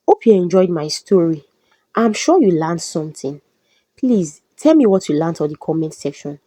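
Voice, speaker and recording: Woman storyteller, low husky voice, mellow tone. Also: expressive, normal speed, no echo. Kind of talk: folktale narration.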